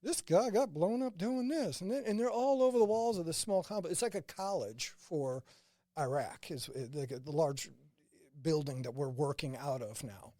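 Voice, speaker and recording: A man's voice: on the high side, normal speed, dry recording. A man from St. Louis, a former combat medic, telling stories in a casual interview and quoting people along the way. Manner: animated anecdotes, quoting others in dialogue.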